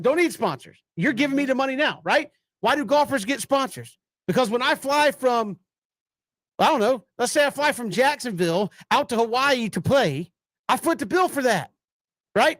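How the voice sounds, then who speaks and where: High-voiced, laughing sports talk host. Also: male voice, no room sound, studio quality. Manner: laughs often, animated storyteller.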